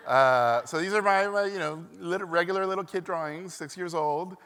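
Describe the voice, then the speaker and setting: This Mexican man gives a conference keynote in a big echoing hall, picked up by a stage mic. He's brisk and slightly high-pitched, with a clean, somewhat bright tone and almost no pauses. His storytelling is lively, full of "uh" fillers and performed quotes.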